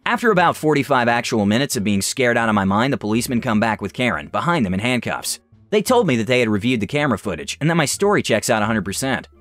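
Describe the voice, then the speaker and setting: Young male story reader, expressive and animated, mid-pitched, dry close sound. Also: no room sound. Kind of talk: reading online stories aloud.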